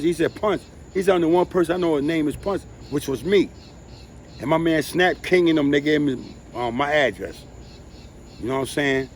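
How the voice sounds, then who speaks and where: A man telling profane, animated street stories, who has been drinking. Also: a little high, creaky, a little hiss or hum. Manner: profane, animated street storytelling with sound effects. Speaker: interviewee. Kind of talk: casual storytelling.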